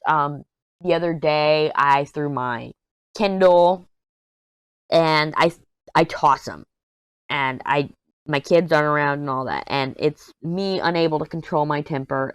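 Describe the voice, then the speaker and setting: Middle-aged woman crafting and chatting, low voice, blunt and candid, dry close headset sound. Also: clean tone, no echo. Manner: blunt, candid storytelling with frequent asides. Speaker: diamond painting vlogger. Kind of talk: casual chat while crafting.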